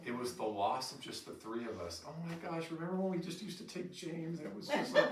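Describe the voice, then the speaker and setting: A middle-aged man leading a staff training session, telling lively stories and acting out quotes. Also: on the high side, fairly quick, hardly any pauses, a loud crowd. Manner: animated storyteller who acts out quotes with laughter. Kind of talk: in-service training talk. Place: training room with an audience. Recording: roomy echo from far off, faint noise.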